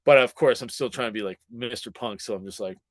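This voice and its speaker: A man's voice: medium pitch, fast, dry recording. Chatty guy in his 40s, swears a lot, laughs mid-story, does everyone's lines, dry mic. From Canada. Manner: animated, laughing often, swears freely, acts out quotes. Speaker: podcast guest. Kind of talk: casual storytelling.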